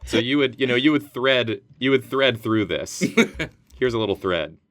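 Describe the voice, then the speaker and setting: A man cracking goofy jokes during a tabletop session. His voice is bright, the pitch moves a lot, and he stays in a relaxed middle register. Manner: goofy, quick joking. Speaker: tabletop game player. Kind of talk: playful improvised game chat.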